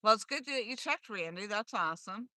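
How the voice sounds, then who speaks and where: Bright-voiced woman hosting a live stream. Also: mid-range voice, animated, fairly quick, dry recording, clean studio sound. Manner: chatty, reads viewer comments aloud, playful wordplay. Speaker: livestream host. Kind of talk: casual live chat. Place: outdoors on a lake dock.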